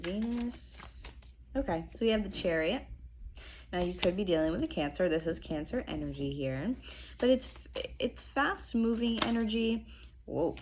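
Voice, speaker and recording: A young woman with a lowish voice gives a casual tarot reading from her apartment, chatty and full of fillers. Her throat sounds strained, and she clears it now and then. A faint hiss sits under the recording. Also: a little mellow. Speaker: tarot reader. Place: apartment room indoors.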